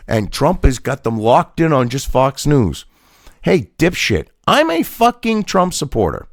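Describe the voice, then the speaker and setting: A man's voice: high voice, gravelly, no room sound, clean studio sound. A man, hosting a profane rant reacting to a news article, angry and mocking and swearing constantly. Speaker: political commentary host.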